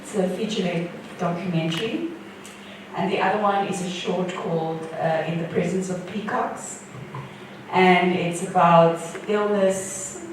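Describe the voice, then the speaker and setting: A woman poet and filmmaker reading her poems slowly and rhythmically, then answering audience questions. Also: fairly low pitch, steady tone. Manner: slow, measured, rhythmic delivery. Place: event hall. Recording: echoey hall from far off, faint noise.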